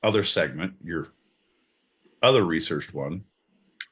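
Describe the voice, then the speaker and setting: A man co-hosting a comedic podcast in casual banter, animated and crude, breaking into loud mock outbursts. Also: low-pitched, measured pace. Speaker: podcast co-host.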